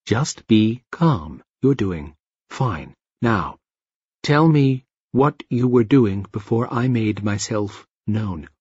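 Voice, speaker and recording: A man voicing a strange, soft-spoken man who talks slowly and stiffly, like a robot. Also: on the low side, lively intonation, husky, no room sound, lo-fi sound, exaggerated voice. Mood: calm, commanding. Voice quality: soft-voiced. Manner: slow, stilted, robotic delivery.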